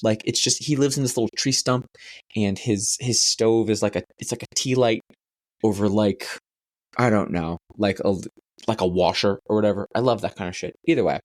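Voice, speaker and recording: A young man co-hosting a podcast, telling a long rambling story with plenty of swearing and sudden high-pitched voices. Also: moderate pace, no echo, clean studio sound. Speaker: podcast co-host. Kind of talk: casual chat.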